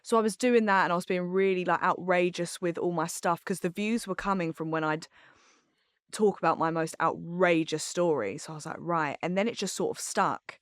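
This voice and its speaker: Smooth-voiced woman, candid chat. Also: lowish voice, normal speed, no room sound, studio quality. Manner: candid, chatty, rambling with fillers. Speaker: podcast guest. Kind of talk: casual chat. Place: podcast studio.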